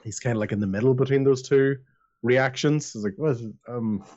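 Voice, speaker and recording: A man's voice: mid-range voice, brisk, darkish tone, highs cut off. A man narrating as game master of a tabletop game, rambling with lots of fillers.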